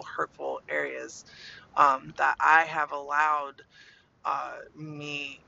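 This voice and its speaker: A woman's voice: sits low, gravelly, pushed and bright, a little hiss or hum. A woman sharing her faith in an earnest, casual way, with many "like"s, on a dull lo-fi recording. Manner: earnest, chatty, heavy use of "like".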